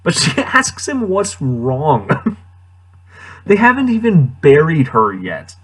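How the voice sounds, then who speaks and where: A man's voice: on the high side, huge pitch swings, slow, a bit bright, slightly rough. A man giving casual, sarcastic commentary on a movie he just watched, incredulous and laughing often. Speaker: movie reviewer.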